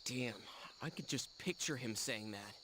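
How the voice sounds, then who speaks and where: A man's voice: medium pitch, unhurried, slight background noise. A man voicing a sarcastic, teasing teenage boy who cracks jokes, in video game dialogue. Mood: wry. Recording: game dialogue over loud music. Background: game music.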